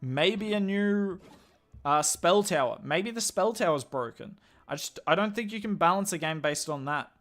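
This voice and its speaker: An Australian man talks casually on a live game stream, answering chat and musing aloud. His voice is bright and forceful and sits slightly high for a man. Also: animated, normal speed, faint music behind. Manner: chatty, answers chat questions, thinks aloud.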